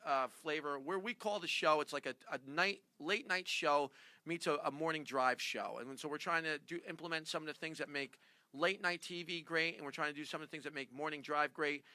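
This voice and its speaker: A man's voice: a little high, fairly quick, bright, forceful tone, no echo. A man hosting a late-night style talk show, chatty, introducing a comic to the audience. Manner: chatty, hypes and introduces acts. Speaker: show host.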